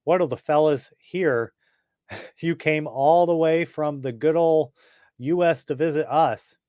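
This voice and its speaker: A man voicing an excitable young male army sentry in a comic book reading. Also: fairly high pitch, slow pace, no echo. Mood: excited.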